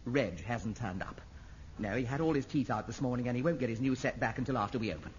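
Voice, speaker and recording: An actor playing a fussy, excitable male amateur theatre director who gushes theatrically, in a 1960s radio sitcom. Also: mid-range voice, fast talker, a little hiss or hum, close to an everyday voice. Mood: gushing. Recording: dull lo-fi old radio recording.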